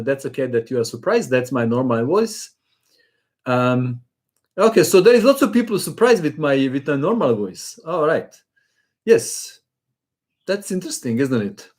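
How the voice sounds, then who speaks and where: A man's voice: fairly high pitch, expressive, moderate pace, darkish tone. A man, a chess channel host chatting casually in a live-stream question and answer session, hesitant with many fillers.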